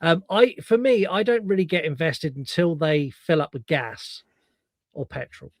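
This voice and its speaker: British guy co-hosting a podcast, chatty, higher voice, dry sound. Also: normal speed, no room sound. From Britain. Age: middle-aged. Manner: chatty, animated retelling of scenes. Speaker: podcast co-host. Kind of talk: casual chat.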